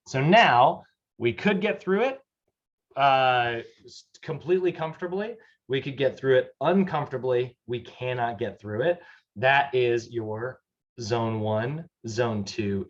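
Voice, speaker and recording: Male fitness instructor, casual lecturer, chatty and filler-heavy, mid-pitched, slightly muffled recording. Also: measured pace. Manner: loose and chatty, lots of fillers. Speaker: personal fitness training instructor.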